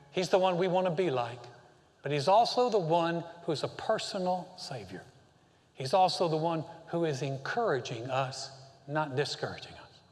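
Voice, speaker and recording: A male senior pastor preaching a sermon, impassioned, moving between loud exhortation and hushed tender passages. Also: a little high. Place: church sanctuary. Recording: long hall reverb.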